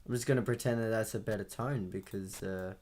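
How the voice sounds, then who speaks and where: A man's voice: on the low side, a little fast. A young man, thinking aloud casually as he mixes a song. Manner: muttering, thinking aloud, self-deprecating. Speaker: audio engineer mixing music. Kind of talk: casual talk-through while working. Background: loud guitar music playing.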